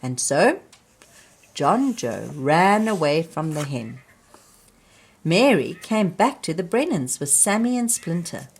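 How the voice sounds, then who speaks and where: Slow, expressive woman reading to children. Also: low-pitched, breathy edge. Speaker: storybook reader.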